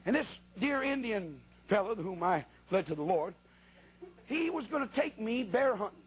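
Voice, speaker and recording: A man's voice: high-pitched, very animated, moderate pace, breathy edge, muffled recording. A man preaching in a church, telling a folksy, colloquial story as part of a sermon. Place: church at a pulpit.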